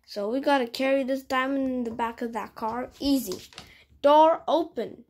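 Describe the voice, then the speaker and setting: A woman's voice: high-pitched, fairly even intonation, brisk. A woman voicing toy figures in a playful stop-motion play, switching between characters in dialogue.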